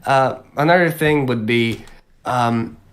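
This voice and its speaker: A young man, appearing as a voice actor guest on a podcast, chats casually at a medium pitch. His delivery is halting, full of fillers and restarts, with slight background noise behind him.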